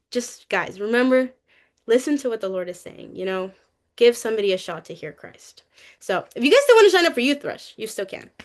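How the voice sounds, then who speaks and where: A young woman giving a lively personal testimony to a youth group, talkative and acting out what people said. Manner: animated, talkative, acts out quotes with rising pitch.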